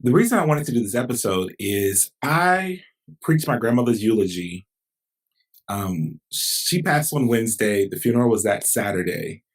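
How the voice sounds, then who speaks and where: A man's voice: fairly low pitch, animated, moderate pace, slightly rough. A man, a pastor hosting a podcast, talking in a reflective, conversational way. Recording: distant mic, roomy.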